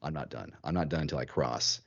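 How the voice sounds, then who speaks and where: Podcast host, male, low voice, animated and chatty, dull lo-fi sound. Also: fast talker. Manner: animated, thinks aloud, repeats words. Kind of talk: casual chat.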